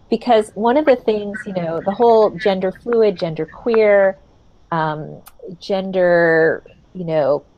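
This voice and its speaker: A woman practitioner recounting a session in a reflective, earnest manner, pausing often. Her pitch sits in the middle range. A faint noise runs under the voice. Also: darkish tone, rough recording. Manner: reflective, earnest, measured with many pauses. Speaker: therapeutic practitioner. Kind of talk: storytelling in casual talk.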